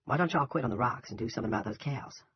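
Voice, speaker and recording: A man voicing a young male army private with a Southern drawl, speaking low and casually. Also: rapid-fire, slight background noise, natural voice. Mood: curious. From South Carolina. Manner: drawling, casual, soft-spoken. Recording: dull lo-fi recording.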